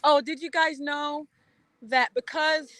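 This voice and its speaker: A woman hosting a live stream talks to her viewers in a loose, chatty way, greeting them by name and laughing often. Her voice sits a little high and her speech is unhurried. The sound is dry and close, with no room echo. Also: steady tone, a bit bright. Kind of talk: casual chat greeting viewers.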